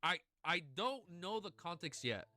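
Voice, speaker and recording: A man streaming casually, chatting excitedly with his audience, swearing and gushing, at times near tears. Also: high voice, a little slow, dry recording, faint music behind. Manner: excitable, swears often, gushes and laughs. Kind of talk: casual livestream chat.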